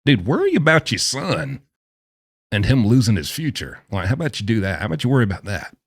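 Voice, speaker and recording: A man's voice: on the low side, wildly swooping pitch, fairly quick, husky, dry recording, clean studio sound. A man hosting a casual commentary video, talking in a sarcastic, exasperated way with scoffing remarks. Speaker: true-crime commentary host.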